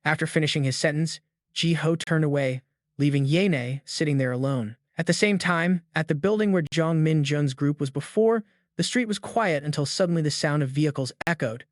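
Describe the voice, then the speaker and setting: Man, comic recap narrator, slightly high voice, dry close mic. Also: normal speed, dry recording.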